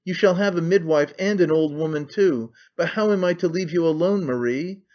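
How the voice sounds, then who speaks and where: A man's voice: on the high side, moderate pace, a little mellow, pitched above the performer's own voice, close to an everyday voice. A man reading aloud who voices an anxious, devoted young man, flustered and pleading, in a dull lo-fi recording. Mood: pleading, alarmed.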